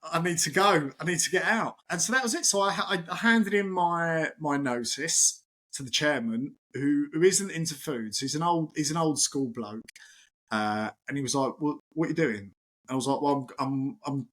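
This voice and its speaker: A man, his voice sitting a little higher than most men's. He talks as a podcast guest in easy, casual chat. He tells animated stories and slips into the voices of the people in them. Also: normal speed. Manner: animated anecdotal storytelling, acts out quoted voices.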